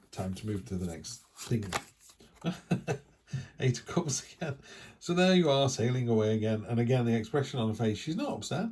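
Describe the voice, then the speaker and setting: A middle-aged man talks through a tarot reading. His voice sits a little low and sounds warm and mellow. He rambles in a chatty way, with animated asides. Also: slight background noise. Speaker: tarot reader. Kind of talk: casual spoken tarot reading.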